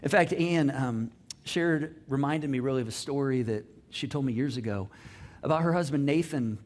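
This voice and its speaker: A man's voice: medium pitch, normal speed, darkish tone. A middle-aged man preaching a sermon, telling stories with many restarts and quoted conversations. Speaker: pastor.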